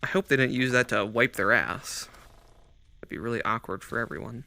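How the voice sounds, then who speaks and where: A man's voice: medium pitch, moderate pace, creaky, pushed and bright, faint music behind. A man streaming a horror game, jumpy and swearing constantly, with nervous laughter. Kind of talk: live horror game commentary.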